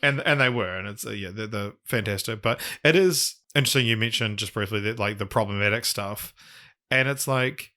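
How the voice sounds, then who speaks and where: Male podcast co-host, low-ish bright voice, rambling anecdotal chat. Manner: rambling, quick anecdotes with many restarts. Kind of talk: casual film review chat.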